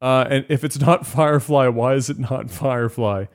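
A man's voice: mid-range voice, fairly even intonation, moderate pace. Laid-back male podcast host. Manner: laid-back, reads out listener pledges and questions. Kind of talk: casual chat.

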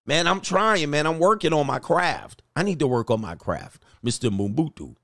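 A man's voice: on the high side, very animated, normal speed, bright, forceful tone, no room sound, clean studio sound. Joking, rambling male livestream host. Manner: joking, rambling, laughs often. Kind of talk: casual livestream commentary.

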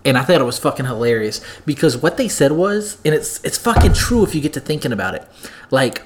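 A man's voice: medium pitch, very animated, brisk, hardly any pauses, slight background noise. A man co-hosting a casual podcast, telling a secondhand joke in a profane, rambling way full of fillers. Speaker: podcast co-host.

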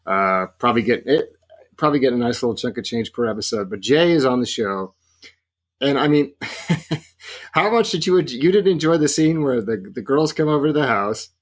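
A man's voice: mid-range voice, lively intonation, normal speed. A man hosting a sports podcast, rambling loosely, laughing and steering the conversation. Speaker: podcast host. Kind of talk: casual sports podcast talk.

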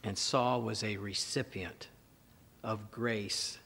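A man's voice: lowish voice, fairly even intonation, slow, creaky, fairly bright tone, husky, long reverb tail. A man preaching a sermon as a pastor, emphatic and repeating words for stress.

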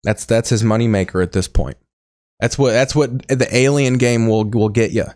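A man's voice: mid-range voice, normal speed, darkish tone, no room sound. A man riffing as a comedy host in a crude, sarcastic tone, dropping swears freely. His voice is dry and close, with no room sound around it. The delivery is loose and mocking.

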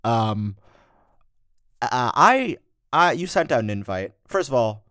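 A man's voice: mid-range voice, expressive, measured pace, long pauses, fairly bright tone, clean tone, no echo, studio quality. A young man co-hosting a casual podcast, wry and laid-back, teasing his co-host dryly. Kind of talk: casual chat.

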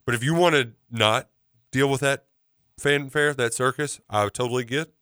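A chatty man co-hosts a radio show, loose and casual and full of "like." His voice is bright and smooth. The sound is close and dry. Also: medium pitch, moderate pace, dry recording. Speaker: co-host of a radio sports and politics show. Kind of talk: casual talk-radio banter.

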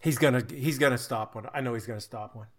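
A husky-voiced man with an American accent, from Montana, talking in short terse bursts. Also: medium pitch, quick pace, a bit bright. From Montana, USA. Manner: terse, mutters encouragement under breath. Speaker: podcast guest.

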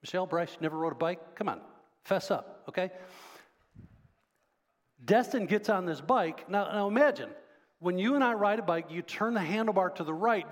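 A man preaching a sermon in a conversational way, often asking the congregation questions. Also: sits high. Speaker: pastor. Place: church sanctuary. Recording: long hall reverb.

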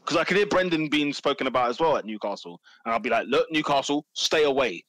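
A man in casual podcast chat, emphatic and jokey, ranting with animated opinions. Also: medium pitch, quick pace, dry recording, poor audio. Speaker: podcast pundit.

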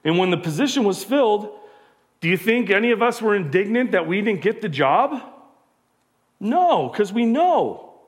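A pastor, preaching a conversational sermon full of rhetorical questions. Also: male voice, sits high, very animated, normal speed.

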